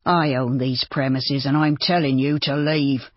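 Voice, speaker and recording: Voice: mid-range voice, fairly even intonation, measured pace, no room sound, natural voice. An audiobook narrator voicing an arrogant landowner who snaps angrily. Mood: hostile. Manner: snapping, angry, through clenched teeth. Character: angry arrogant landowner man. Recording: dull lo-fi dry.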